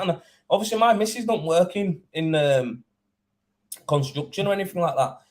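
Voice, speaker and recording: Young tradesman host, fairly high voice, rambling, sweary, indignant casual chat. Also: moderate pace. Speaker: plasterer and livestream host. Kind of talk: casual live-stream chat.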